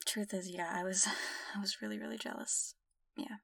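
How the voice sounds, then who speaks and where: A woman in a whispered role-play, speaking in a slow, commanding whisper and turning soft and confiding. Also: mid-range voice, steady tone, vocal fry, slightly rough, no room sound, recorded from a distance. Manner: soft, tender, hesitant confiding. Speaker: audio role-play performer.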